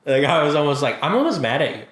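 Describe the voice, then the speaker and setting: Animated man telling stories in an echoey room. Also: fast. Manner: animated storytelling, acts out quotes with big pitch jumps. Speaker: podcast co-host. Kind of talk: casual chat.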